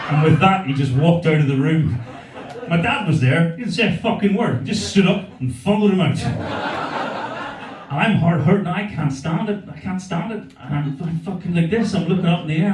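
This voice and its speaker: A man's voice: a little high, a little mellow, far from the mic. Belfast man doing crude stand-up. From Northern Ireland. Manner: crude, quick banter with the crowd. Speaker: stand-up comedian. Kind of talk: stand-up set with crowd work. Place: comedy venue with live audience. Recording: roomy live venue, crowd laughter.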